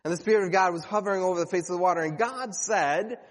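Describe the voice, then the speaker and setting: A man's voice: sits high, quick pace, long reverb tail. A man preaching a sermon to his congregation, earnest and conversational, sometimes stumbling and correcting himself.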